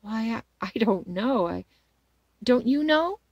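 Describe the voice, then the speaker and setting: A woman's voice: mid-range voice, lively intonation, moderate pace, a little mellow, no echo, lo-fi sound. A woman voicing a polite, brave little farm girl with a raised, wondering voice. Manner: polite, surprised.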